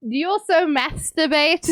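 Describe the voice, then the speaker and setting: A woman's voice: high-pitched, a little slow, no echo, studio quality. A woman streamer from England chatting casually with her stream chat, teasing and joking as she reads messages aloud.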